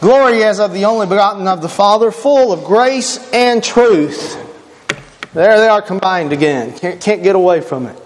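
High-voiced preacher in an echoing hall. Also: male voice, lively intonation, moderate pace, a little hiss or hum. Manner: emphatic, repeats key words, quotes scripture. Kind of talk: sermon.

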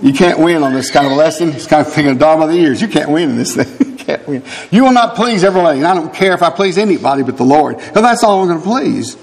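A man in his sixties preaching a sermon, emphatic and animated, breaking into quick laughs and asides. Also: a little high, vocal fry. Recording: long reverb of a hall.

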